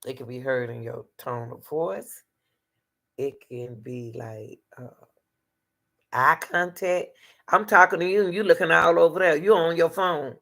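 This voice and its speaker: A woman's voice: fairly low pitch, a bit bright. Emphatic woman giving relationship advice. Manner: emphatic, repetitive, addresses listeners directly. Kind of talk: casual advice monologue.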